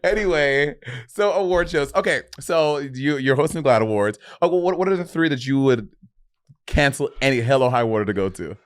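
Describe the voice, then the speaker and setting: A man co-hosting a podcast in casual chat, excitable and playful, going from loud exclamations to quiet murmurs. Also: medium pitch, a little fast, no room sound, studio quality. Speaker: podcast co-host.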